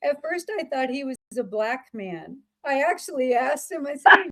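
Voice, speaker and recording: A woman's voice: high voice, very animated, normal speed, a bit bright. A woman hosting a psychic show in casual livestream chat, chatty and laughing, with many fillers.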